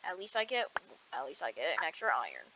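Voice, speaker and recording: A deep-voiced woman talks fast with wildly swooping pitch over background noise. Playing a game at her home computer, the streamer chats to herself in rambling commentary, leaving sentences unfinished, into a cheap headset mic held away from her mouth.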